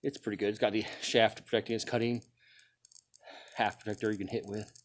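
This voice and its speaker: A man's voice: lowish voice, level tone, fast. A man hosting his own video, casually talking through a test-cutting demonstration, thinking aloud and chuckling as he goes. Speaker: video host demonstrating weapons. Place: outdoors or in a workshop during a test-cutting session.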